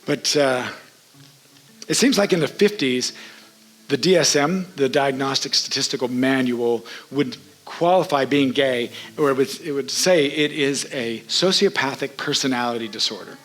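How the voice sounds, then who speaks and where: A man telling a true story on a theater stage, in an animated, conversational way. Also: medium pitch, moderate pace, rough recording. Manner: animated, conversational, quotes people in his story. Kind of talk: first-person stage storytelling.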